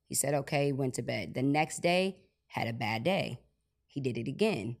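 Low-voiced woman telling a family story. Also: brisk. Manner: storytelling, earnest, repeats herself. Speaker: podcast co-host; mother. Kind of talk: casual faith conversation and ad read.

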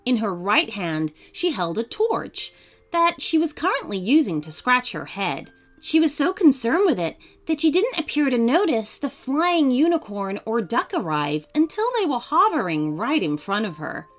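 Woman storyteller, bedtime story narration, bright and sing-song, soft music behind. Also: fairly high pitch, moderate pace. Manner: gentle, animated voices for each character.

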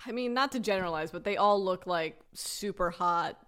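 A woman co-hosting a casual podcast, chatty and quick to laugh, telling stories with quoted asides. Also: lowish voice, a bit bright, smooth. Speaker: podcast co-host. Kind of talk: casual chat.

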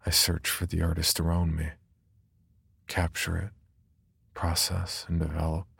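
A man narrating a first-person horror story in a subdued, brooding way, with a husky, gravelly voice. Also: sits low, monotone, a little slow, a bit bright, no room sound.

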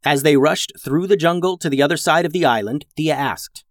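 A man narrating a children's story in an expressive, animated reading voice. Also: on the high side, a little fast, few pauses, no room sound, studio quality.

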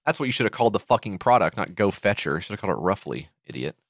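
A man's voice: fairly low pitch, sing-song, rapid-fire, dry recording, clean studio sound. A man co-hosting a podcast in casual comedic chat, swearing freely and riffing with sarcastic asides. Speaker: podcast co-host.

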